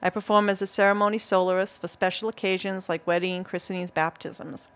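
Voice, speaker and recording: A woman's voice: lowish voice, steady tone, brisk. A woman with a Boston accent, co-hosting a local talk show in a chatty, enthusiastic way, telling stories and laughing easily. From Massachusetts. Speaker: co-host. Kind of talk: casual chat.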